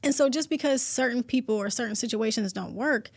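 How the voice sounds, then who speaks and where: Heartfelt, expressive woman in her forties. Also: fairly high pitch, brisk, dry recording, clean studio sound. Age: 40s. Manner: heartfelt and expressive, talks openly and at length. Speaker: podcast co-host. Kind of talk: casual podcast chat.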